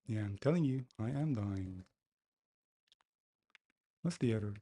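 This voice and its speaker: A man talking to himself as he codes, complaining loudly, then explaining each step casually. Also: on the low side, animated, measured pace, husky. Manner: exasperated, talks to himself while coding. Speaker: developer livestreaming his coding. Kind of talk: casual coding commentary.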